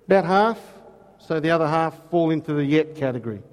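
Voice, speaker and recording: Guy preaching a sermon, slow and deliberate, kinda high voice, big echoey church hall. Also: expressive, a little mellow. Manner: measured, rhetorical questions, slow emphatic scripture reading. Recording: long hall reverb.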